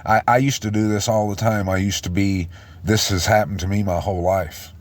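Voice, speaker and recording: A man giving an informal sermon, choked up and halting, often restarting his words. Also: lowish voice, steady tone, no echo. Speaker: preacher.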